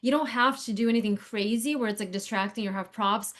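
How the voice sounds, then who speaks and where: A woman with a slightly high voice speaks as a casting guest on a casual podcast. She drifts off topic and fills her talk with "like" and "um". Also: quick pace, fairly bright tone. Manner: chatty, digressive, many fillers like "like" and "um". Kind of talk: casual interview conversation.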